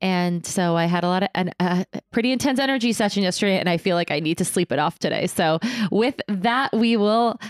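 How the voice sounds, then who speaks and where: A woman's voice: lowish voice, fairly quick, hardly any pauses, clear, resonant tone, dry recording, clean studio sound. A woman hosting a podcast, chatty and easygoing as she introduces her guest. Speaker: podcast host. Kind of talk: casual interview chat.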